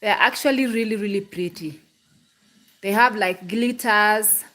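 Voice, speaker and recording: A woman from Kenya, chatting bluntly and casually to the camera as a vlogger, quick to laugh. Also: mid-range voice, bright, forceful tone.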